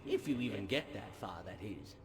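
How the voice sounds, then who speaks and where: A man's voice: on the low side, lively intonation, normal speed, background noise, close to an everyday voice. A man voicing a scheming, petulant male god of murder in a game's dialogue, sarcastic and self-important, with game music behind him. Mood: haughty.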